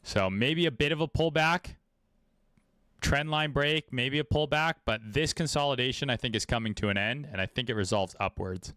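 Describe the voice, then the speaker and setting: A man's voice: medium pitch, moderate pace, bright, forceful tone, clear, resonant tone, no room sound. A man giving casual, profane, laid-back commentary on trading charts during a livestream, with many fillers. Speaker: trading streamer.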